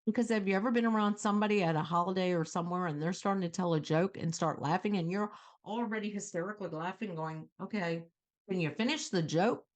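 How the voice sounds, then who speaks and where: A middle-aged woman hosting a self-help talk show, coaching viewers in an animated way and acting out calm self-talk. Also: on the low side, quick pace. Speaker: host.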